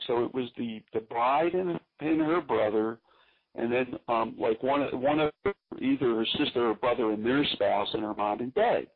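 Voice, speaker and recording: A man from Philadelphia chats as a guest musician, telling stories in an animated way and laughing often. His voice is gravelly and husky. It comes through a thin, phone-like radio line. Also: mid-range voice, brisk. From Philadelphia, USA. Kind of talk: casual interview storytelling.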